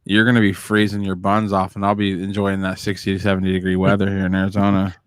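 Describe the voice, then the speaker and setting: A man's voice: low voice, monotone, fast, smooth, no room sound. A man co-hosting a podcast from his home studio, laid-back and joking in casual chat. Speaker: podcast co-host. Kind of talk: casual live-stream chat.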